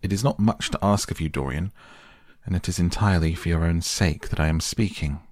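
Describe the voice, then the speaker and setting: A man voicing a grave, earnest gentleman painter in a soft bedtime audiobook reading. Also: brisk, dry recording, clean studio sound. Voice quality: grave, deep. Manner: earnest, pleading.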